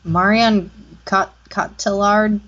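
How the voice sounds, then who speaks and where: A woman's voice: medium pitch, fairly even intonation, takes it slowly, fairly bright tone. A woman hosting a podcast in casual chat, rambling and swearing freely, with a dull lo-fi sound. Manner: profane, rambling chatter.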